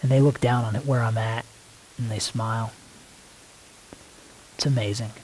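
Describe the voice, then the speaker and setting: A man praying aloud in spontaneous prayer, soft and halting, repeating words as he searches, sometimes dropping to a hushed near-whisper. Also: mid-range voice, fairly even intonation, slight background noise, low-quality recording. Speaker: worship leader praying aloud.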